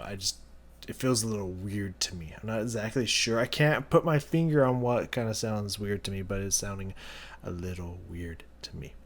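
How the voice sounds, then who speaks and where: Man with a lowish voice, song analysis host, thinking aloud, musing. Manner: musing, searching for words. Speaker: music reaction channel host.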